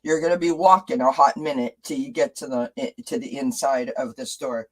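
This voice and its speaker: A chatty man hosts a live stream in a relaxed, conversational way, with a voice of ordinary middle pitch. He talks to viewers, reads out their comments and keeps asking rhetorical questions, often stopping to restart a sentence. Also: fairly quick, poor audio. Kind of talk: casual live-stream chat.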